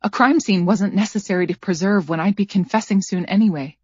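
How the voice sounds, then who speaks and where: Female audiobook narrator, mid-pitched, measured and tense, reading a first-person thriller on a dry, slightly muffled track. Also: darkish tone, husky, no echo. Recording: dry, slightly dull studio read.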